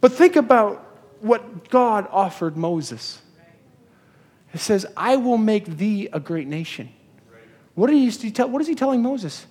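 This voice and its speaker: A man preaching a sermon in a church, animated, acting out the people in the story as he goes. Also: sits high, measured pace, in a large hall. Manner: animated preaching, voices biblical figures in asides. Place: church sanctuary.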